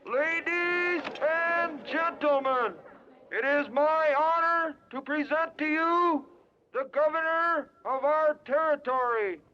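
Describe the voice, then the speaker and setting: An actor playing a pompous mayor in a 1960s film, announcing in a grand, drawn-out manner. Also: male voice, extremely high pitch, muffled recording. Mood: grandiose.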